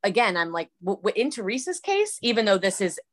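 Chatty woman, animated and filler-heavy. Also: medium pitch, brisk. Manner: animated, lots of fillers and quoted asides. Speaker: podcast co-host. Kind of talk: casual chat about reality TV.

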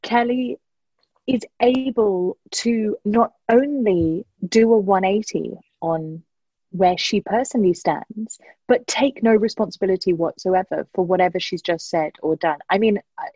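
A woman's voice: medium pitch, a little slow, mellow, breathy edge, no echo, muffled recording. A woman co-hosting a podcast, giving articulate, analytical commentary in a casual recap chat. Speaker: podcast co-host.

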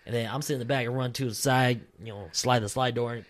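A man's voice: medium pitch, steady tone, quick pace. Young man, casual chat, rambling, laughs often, slangy and profane. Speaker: storyteller.

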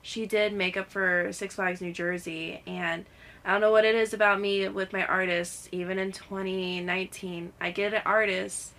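Casting: woman podcast guest, bright gravelly voice, lively storyteller, faint hiss behind. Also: medium pitch, moderate pace. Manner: animated storyteller, acts out quotes. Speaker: guest scare actor. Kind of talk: casual chat.

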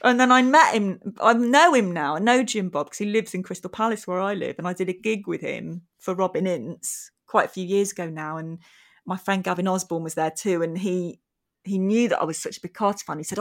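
A woman's voice: fairly low pitch, fairly quick. An English woman in her forties, a comedian telling funny stories in casual chat and laughing often. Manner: chatty storyteller, laughs often. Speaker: comedian guest.

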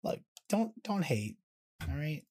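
A man co-hosting a podcast, chatting casually as he reacts to songs, alternating between excitable swearing and hesitant trailing off. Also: fairly high pitch, a little slow, slightly rough. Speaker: podcast co-host. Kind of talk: casual music-reaction chat. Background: faint music playing.

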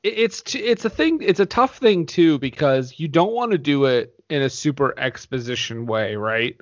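A man's voice: fairly high pitch, expressive, normal speed, no echo. A man hosting a movie podcast, asking questions in a loose conversational way. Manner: conversational, leads questions, many fillers and restarts. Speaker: podcast host. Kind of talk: casual movie podcast chat. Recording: dull, lo-fi podcast audio.

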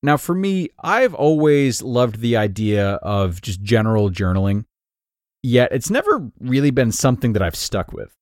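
A man hosting a podcast who reads a blog post aloud in an earnest, measured way, then comments on it. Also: medium pitch, big pitch swings, a little mellow, dry recording, studio quality. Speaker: podcast host.

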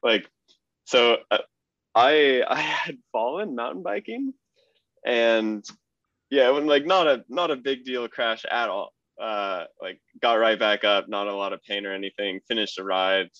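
A man's voice: mid-range voice, a little slow, no echo, muffled recording. A man, a cyclist guest, telling a story in casual chat with lots of fillers and laughter. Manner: relaxed, laughs through stories, many fillers.

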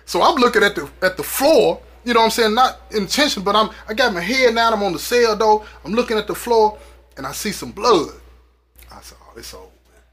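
A man tells a story in a loose, slangy way, acting out what everyone said and laughing along as he goes. His voice sits high and bright for a man. He leans on repeated phrases to drive his points home. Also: brisk. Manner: animated, acts out dialogue, laughs often. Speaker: guest recounting prison experience. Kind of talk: casual storytelling.

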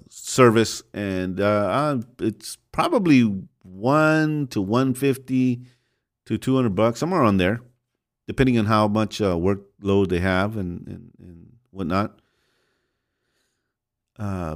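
A man with a lowish voice gives a casual, conversational sermon. He rambles and restarts his sentences, chuckling as he goes, and speaks straight to his listeners. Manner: rambling, self-interrupting, chuckles, addresses listeners as folks. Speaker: podcast host preaching.

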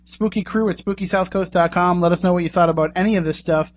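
A man's voice: high voice, fairly even intonation, fast. A man hosting a radio talk show, rambling casually as he thanks his guests and wraps up. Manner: chatty and rambling, thanking guests and plugging contacts. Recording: muffled radio recording with faint hum.

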